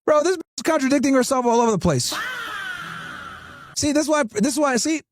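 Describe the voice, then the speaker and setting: A man's voice: very high-pitched, brisk, slight background noise. A man streaming a reaction video, ranting and mocking it with heavy swearing while he talks straight to his chat.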